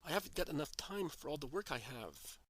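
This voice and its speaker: A man voicing Joseph, a gentle, devoted middle-aged husband, speaking with calm, earnest reassurance in a devotional story reading. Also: fairly high pitch, a little fast, dry recording, low-quality recording. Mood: tender.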